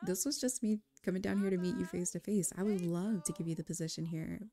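A woman's voice: on the low side, fast talker, dark tone, lightly acted. A woman voicing a kind, confident female modeling agency boss who reassures a nervous applicant and calls her honey. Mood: warm.

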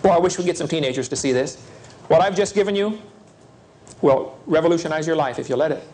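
A man's voice: a little high, quick pace, a little mellow. A man preaching to young people at a seminar, folksy and urgent, acting out little scenes as he talks. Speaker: evangelist speaker.

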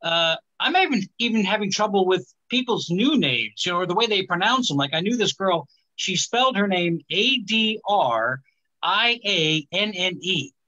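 A male stand-up comedian on a live stage, delivering his set with a halting manner and many "uh" fillers. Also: high voice, big pitch swings, sharp tone, lo-fi sound. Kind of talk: stand-up routine.

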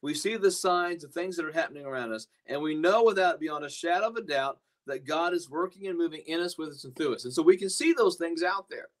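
A man preaching in a podcast sermon, earnest and a little rambling. His voice sits somewhat high for a man. He circles back and restarts phrases as he talks. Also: animated, a little fast, few pauses. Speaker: pastor.

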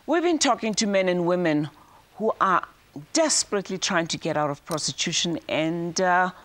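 A woman hosting a studio talk show, brisk and lively as she interviews guests. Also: lowish voice, music in the background.

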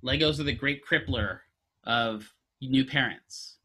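A man's voice: mid-range voice, a little slow, pushed and bright, slightly rough. A man teaching a physical therapy class, lecturing casually, quizzing students and throwing in jokes. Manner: asks students questions, casual joking asides.

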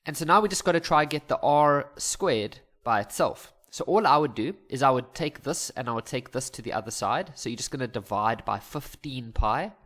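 A young man teaches maths in a loose, conversational way, cracking jokes and laughing at himself as he works through the problems. His voice sits at an ordinary middle pitch and he keeps it relaxed and informal. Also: normal speed, few pauses. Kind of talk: casual maths lesson over worked examples.

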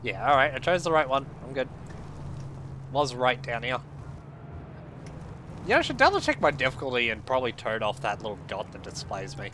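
A man's voice: mid-range voice, sing-song, normal speed, pauses often, sharp tone, slight background noise. An Australian man in casual gameplay commentary, swearing, joking and chatting with his viewers. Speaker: streamer.

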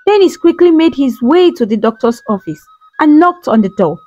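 A woman's voice: high voice, lively intonation, normal speed, warm tone, dry recording, muffled recording. A woman narrating a folktale as a storyteller, dramatic and emotive. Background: faint music.

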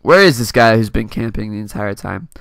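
A young man talks over his game at his desk, playful and quick to laugh as he teases the players he fights. His voice is bright and smooth, swinging up and down in pitch. The sound is dry and close, with no room around it. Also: expressive, dry recording. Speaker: gameplay commentator. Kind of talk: casual gameplay commentary. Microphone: desk mic.

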